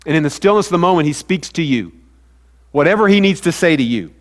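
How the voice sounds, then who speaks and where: High-voiced preacher in a reverberant church. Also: male voice, expressive, quick pace. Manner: conversational preaching, asks the congregation questions. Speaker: pastor. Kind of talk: sermon. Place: church sanctuary. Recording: hall reverb.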